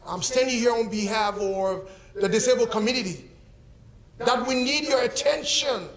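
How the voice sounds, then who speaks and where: A man's voice: high-pitched, echoey room. A man who is a disability activist, addressing a board meeting in a formal, courteous and earnest way.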